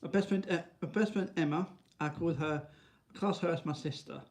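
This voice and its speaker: A man rambling to camera in a casual vlog, restarting often and tagging lines with "right?". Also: a little fast. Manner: high sing-song baby talk to his dog. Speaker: vlogger.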